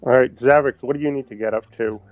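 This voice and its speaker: A man's voice: mid-range voice, steady tone, quick pace, poor audio. Upbeat male game master. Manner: upbeat, encouraging, playful. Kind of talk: narrating a tabletop game.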